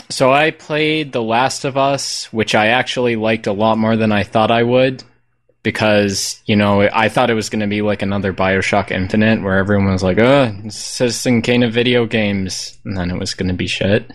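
A man with a fairly low voice talks in loose, casual podcast chat. He rambles, hesitates with ums and drops the odd swear word. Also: moderate pace. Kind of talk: casual chat about video games.

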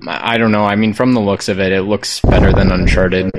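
A man's voice: low voice, fairly even intonation, fairly quick, very noisy. A man chatting casually as a podcast co-host, rambling and hesitant, with frequent ums and some swearing. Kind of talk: casual chat about video games.

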